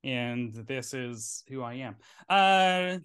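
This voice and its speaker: Male drag queen host from Tennessee, Southern accent, chatty and playful, mid pitch. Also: expressive, extremely slow, a bit bright, clean tone. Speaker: podcast host. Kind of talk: casual chat.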